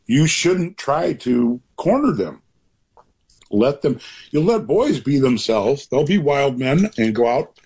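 A man's voice: mid-range voice, a little mellow, husky. An older man, a grandfather, speaking as an author guest in a casual interview, rambling and reflective with many restarts.

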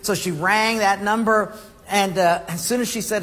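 A man preaching a sermon, telling stories with animated acted-out voices and dropping low and soft for emphasis. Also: moderate pace. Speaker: pastor. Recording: hall reverb, faint room noise.

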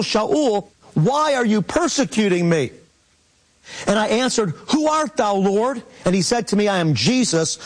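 High-voiced man teaching scripture. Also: low-quality recording. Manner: earnest, slow and emphatic, addresses listeners as beloved. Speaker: messianic teacher. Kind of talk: bible teaching sermon.

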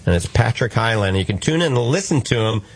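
A man's voice: medium pitch, animated, quick pace, husky. A man with a New Orleans accent hosting a call-in radio show, talking in a folksy, reassuring and jokey way. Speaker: radio show host, doctor.

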